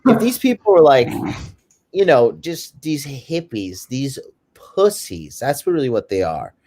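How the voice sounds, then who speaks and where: A man in mid-range pitch chatting on a podcast, crude and mocking as he tells his stories. He sounds animated and blunt. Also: measured pace. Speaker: podcast co-host. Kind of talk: casual chat.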